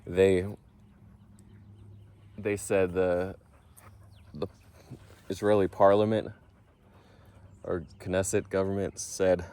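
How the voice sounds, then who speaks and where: A man's voice: low voice, level tone, takes it slowly, pauses often, dark tone, clear, resonant tone. A man vlogging casually, rambling and correcting himself as he thinks aloud.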